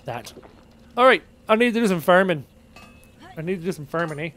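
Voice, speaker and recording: A man with a high-sitting, animated, fairly bright voice streams a game live at a brisk clip. He chats, mutters to himself as he plays, and reads chat aloud.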